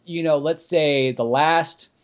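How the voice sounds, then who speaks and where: A man hosting a podcast, chatting casually in a rambling, animated way full of "like". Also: a little high, takes it slowly, smooth, lo-fi sound. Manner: rambling, animated, heavy use of "like". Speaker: podcast host. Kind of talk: casual chat.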